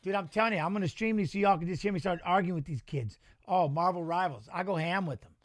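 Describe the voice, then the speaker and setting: A middle-aged man hosting a fight watch-along, chatting casually and telling animated, swear-laced stories. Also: sits high, quick pace, dry recording. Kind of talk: casual chat reading live chat.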